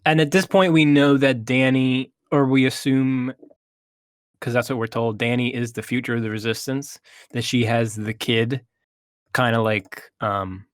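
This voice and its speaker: A man's voice: mid-range voice, fairly even intonation, unhurried, clear, resonant tone, no room sound, studio quality. Man co-hosting a casual movie chat. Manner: retells plot with hesitations and restarts. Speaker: co-host, movie reviewer.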